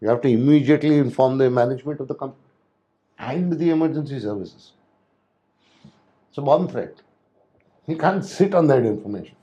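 A man's voice: on the high side, dark tone, dull audio. A man giving a spoken lecture on hotel safety and security, talking loosely with frequent restarts and fillers. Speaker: hospitality security instructor.

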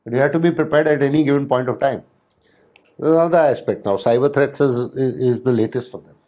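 A man's voice: medium pitch, mellow, rough recording. A man giving a spoken lecture on hotel safety and security, talking loosely with frequent restarts and fillers. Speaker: hospitality security instructor.

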